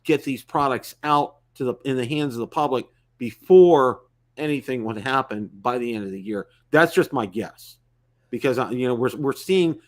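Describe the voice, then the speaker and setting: A man's voice: medium pitch, moderate pace. A man hosting a live-stream talk show about drones, rambling with many fillers and restarts. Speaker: host.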